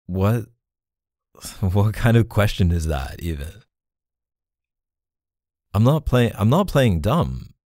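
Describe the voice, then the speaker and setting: A man's voice: fairly low pitch, sing-song, slow, pauses often, darkish tone, no echo, clean studio sound. A man voicing a defensive boyfriend in a jealous argument, in a whispered role-play, pleading and flustered, sighing often.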